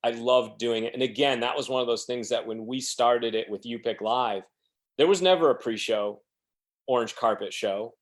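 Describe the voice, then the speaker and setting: A man's voice: medium pitch, moderate pace. A man telling rambling, self-deprecating stories as a podcast guest, acting out the quotes of other people. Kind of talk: casual storytelling.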